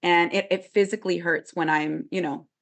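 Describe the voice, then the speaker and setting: A woman's voice: lowish voice, fairly even intonation, moderate pace, creaky. A woman guest on a podcast, talking earnestly and reflectively in a casual way, with frequent "like" fillers.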